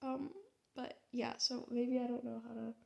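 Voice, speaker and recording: Young woman from the US, strong vocal fry, slightly high voice, rambling casual vlog talk. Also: little pitch movement, normal speed, warm tone, highs cut off. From United States. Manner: rambling, thinking aloud with many fillers and restarts. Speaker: artist and vlogger. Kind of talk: casual reflective monologue.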